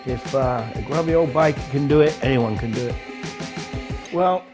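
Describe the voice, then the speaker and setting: Wry biker cooking at home. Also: male voice, mid-range voice, moderate pace, music in the background. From England. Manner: wry, joking, hesitant with fillers. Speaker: home cook, biker club president. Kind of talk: casual cooking demonstration.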